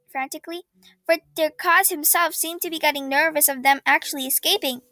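Woman reading a fantasy adventure out loud, lively delivery, dry close sound. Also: sits high, brisk, dry recording. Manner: expressive, acting out dialogue loudly. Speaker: story reader. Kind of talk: first-person fantasy story reading.

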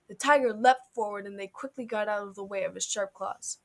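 A woman narrating a storybook with expressive reading. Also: mid-range voice, fairly quick, creaky.

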